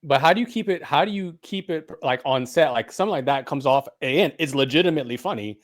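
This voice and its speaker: A man hosting a casual interview who talks easily, laughs along, and throws in quick asides. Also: fairly high pitch, expressive.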